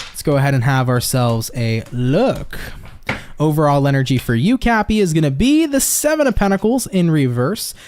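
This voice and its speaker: A man's voice: on the high side, darkish tone. A young man giving a casual tarot reading from his home office, laid-back and swearing freely, with frequent laughs. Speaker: tarot reader.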